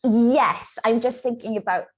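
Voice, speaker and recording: A woman presenting a teaching webinar over a video call, explaining in a clear, steady way. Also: fairly high pitch, a little slow. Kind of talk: webinar presentation and demo dialogue.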